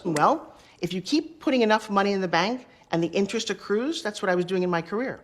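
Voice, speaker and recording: A middle-aged woman telling career stories in an interview, acting out the dialogue with quick asides. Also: medium pitch. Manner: lively, acts out quoted dialogue, quick asides. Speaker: interview guest. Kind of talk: animated storytelling.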